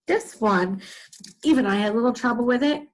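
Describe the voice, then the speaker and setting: A woman teacher giving a reading lesson to young children, sounding out words slowly in chunks and asking the listener questions. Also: on the high side, a little hiss or hum, poor audio. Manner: slow, sing-song, exaggerated sounding out of words; asks the listener questions and answers them.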